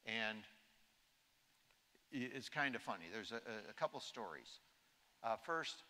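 This keynote speaker, a man in his sixties, takes his time, leaving long pauses as he tells humorous anecdotes and acts out quotes. His lowish, sharp voice has lively intonation. He's in a large conference hall, and the sound echoes.

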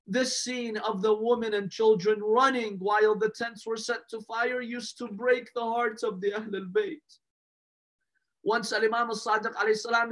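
Guy preaching a mourning sermon, fairly high voice, slow emotional storytelling, keeps asking the crowd questions. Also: fairly bright tone. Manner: impassioned, slow emphatic storytelling; addresses the audience directly with rhetorical questions. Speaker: religious lecturer.

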